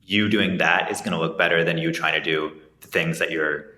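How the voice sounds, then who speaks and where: A man in casual conversation with a very low voice and a bright, forceful tone. He lays out his points in a measured, steady way, over a roomy echo. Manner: measured, explanatory, many "like" fillers. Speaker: podcast co-host. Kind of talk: casual chat.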